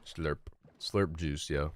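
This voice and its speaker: A man's voice: very deep voice, slow. A young man live-streaming a game, chatting loosely with his chat, rambling and swearing casually. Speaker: gaming streamer.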